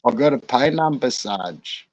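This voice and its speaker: A man's voice: medium pitch, lively intonation, a little slow, no echo. A man, an army veteran guest in a casual chat, joking crudely. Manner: jokey, crude humour. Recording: dull lo-fi sound.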